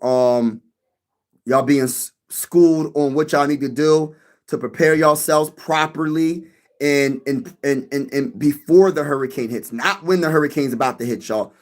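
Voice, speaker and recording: A man with a somewhat high voice hosts a sports live stream and talks loosely with the chat. His delivery is animated and casual, and he repeats phrases as he goes. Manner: animated, repeats himself, addresses chat directly.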